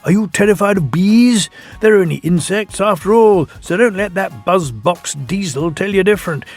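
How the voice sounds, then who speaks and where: A man's voice: sits high, animated, moderate pace, soft background music. A man voicing a cheeky adolescent male engine with a London accent, in storybook narration.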